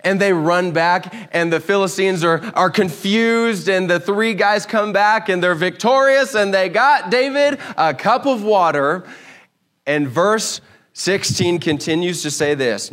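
A male preacher delivers a sermon in an animated storytelling way. His voice sits fairly high for a man, and he acts out the characters in his Bible story. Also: a little slow. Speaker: pastor.

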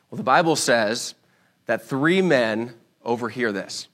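A man preaching a sermon, telling a Bible story with lively acted-out voices. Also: medium pitch, a little slow. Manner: animated storytelling, acts out voices. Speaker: pastor.

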